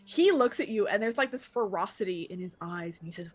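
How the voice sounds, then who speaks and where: A young woman narrating as a tabletop game master, casual and full of fillers and quick asides. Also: mid-range voice, animated.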